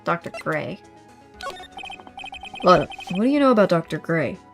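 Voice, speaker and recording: A woman's voice: fairly low pitch, lively intonation, normal speed, music in the background. A woman streamer reading game text aloud with chatty asides. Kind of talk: casual game read-along.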